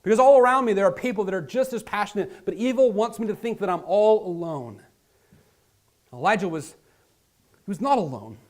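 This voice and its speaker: Earnest pastor, loud then hushed. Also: male voice, high-pitched, expressive, normal speed. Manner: dramatic, swings from loud emphasis to hushed near-whispers; earnest, direct address to listeners. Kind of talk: sermon.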